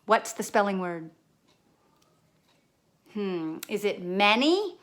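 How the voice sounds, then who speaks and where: A woman's voice: mid-range voice, sing-song, slow, fairly bright tone. A woman teaching a children's spelling lesson, playful and patient, using props and guessing games to introduce each word. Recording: echoey room.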